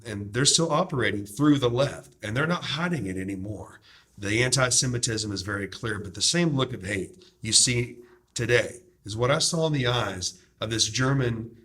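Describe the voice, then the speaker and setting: A man's voice: on the low side, bright, forceful tone. Fervent preacher-like male host. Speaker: host promoting a DVD series. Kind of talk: impassioned discussion.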